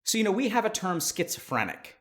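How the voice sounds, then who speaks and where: A man, a psychiatrist and stream host, telling a story in a casual, animated way, laughing as he swings between loud and quiet. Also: high voice, a little fast.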